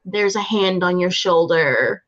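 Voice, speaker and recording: A woman's voice: on the low side, measured pace, fairly bright tone. A woman narrating a tabletop game as game master, casual and hesitant with lots of filler words, on a dull lo-fi recording.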